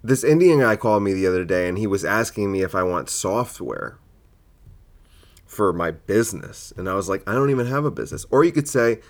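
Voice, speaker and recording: Rambling man with a lowish voice. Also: big pitch swings, moderate pace. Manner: rambling, sidetracked, full of fillers and self-corrections. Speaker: podcast host, comedian. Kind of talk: casual solo comedy podcast monologue.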